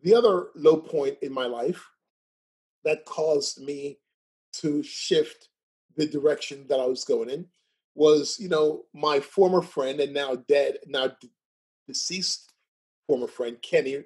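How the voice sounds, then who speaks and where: A man's voice: on the high side, slow, a little mellow, slightly rough. A man telling stories as a guest in a casual chat, who laughs often, keeps asking "right?" and stutters at times. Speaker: podcast guest.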